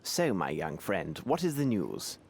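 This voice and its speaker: Calm, formal Victorian sleuth giving orders evenly over faint clicking. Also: male voice, sits low, slight background noise, exaggerated voice. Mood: composed. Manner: measured, formal speech. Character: composed Victorian male detective.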